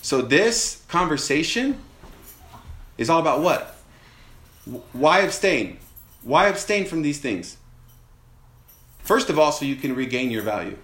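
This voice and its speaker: A man preaching a sermon in an animated way, asking rhetorical questions and acting out quoted voices. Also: fairly high pitch, measured pace, pauses often, roomy sound.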